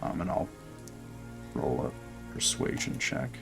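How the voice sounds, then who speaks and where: A man's voice: sits low, big pitch swings, a little slow, gravelly, long pauses, music in the background. A man playing in a tabletop game, talking casually in a hesitant, rambling way. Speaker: player.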